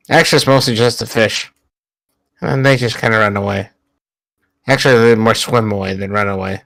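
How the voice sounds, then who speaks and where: A man's voice: on the low side, steady tone, a little fast, creaky, long pauses, a bit bright, dry recording. A man playing a tabletop game, voicing his character in a rambling, hesitant, goofy way. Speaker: player.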